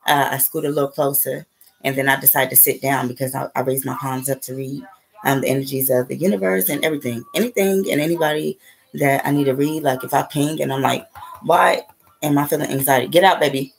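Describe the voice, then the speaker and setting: Fast and gravelly, a very deep female voice keeps fairly even intonation while rambling through a casual story. The speaker, a spiritual vlogger, curses freely and keeps tossing out "okay?" and "right?" The recording is low quality.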